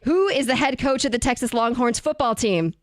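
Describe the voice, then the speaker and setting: A woman's voice: a little high, fairly quick, no echo, clean studio sound. A woman co-hosting a sports radio show, chatting casually and reading quiz questions. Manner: chatty, reads news and quiz questions evenly. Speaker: radio co-host, game presenter. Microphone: studio microphone.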